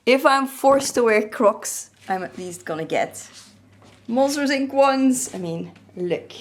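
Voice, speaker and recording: A woman with a slightly high voice talking casually into her camera. She is chatty and playful, tossing in laughs and theatrical sighs as she goes. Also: expressive, takes it slowly. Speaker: craft vlogger. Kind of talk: casual vlog chat to camera.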